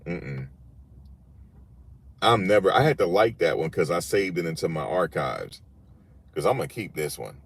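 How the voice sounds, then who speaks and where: A man's voice: sits low, sing-song, normal speed, gravelly, pauses often, breathy edge. A man hosting a sports channel, giving casual reaction commentary in an emphatic, slangy way and repeating his points.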